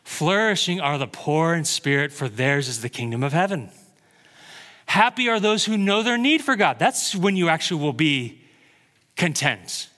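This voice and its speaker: A man preaching a sermon as pastor, telling stories with animated energy and laughing at his own jokes. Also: on the high side, normal speed, long reverb tail.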